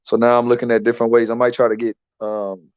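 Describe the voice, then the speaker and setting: A man's voice: mid-range voice, monotone, fast talker, darkish tone, clean tone, highs cut off. A man co-hosting a casual boxing chat, talking loosely and laughing, with frequent restarts and repeated words. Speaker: boxing podcast co-host.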